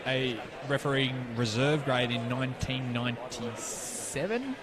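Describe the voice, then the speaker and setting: A man's voice: medium pitch, expressive, a little slow. A young man working as co-commentator at a local rugby league match, chatting and joking while he breaks down the play. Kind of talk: casual sports commentary. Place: commentary box at an outdoor ground. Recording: crowd noise in the background.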